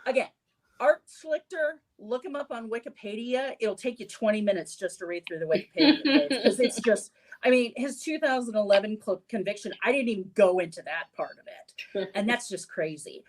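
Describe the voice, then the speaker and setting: A woman's voice: fairly high pitch, animated, moderate pace. A woman hosting a casual sports podcast segment, talking in a chatty way and laughing at her own lines. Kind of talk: casual opinion talk.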